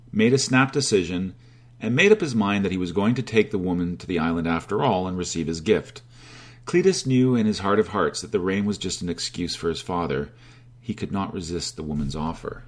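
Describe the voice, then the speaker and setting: Male narrator for a fable: steady delivery, low and breathy-husky tone. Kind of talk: storytelling narration.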